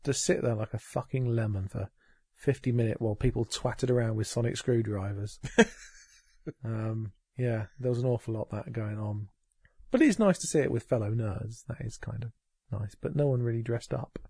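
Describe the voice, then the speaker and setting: Man, podcast co-host, gravelly, husky, dry sound, sweary, sarcastic, rambling. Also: medium pitch, normal speed, a little mellow, no echo. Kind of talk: casual chat.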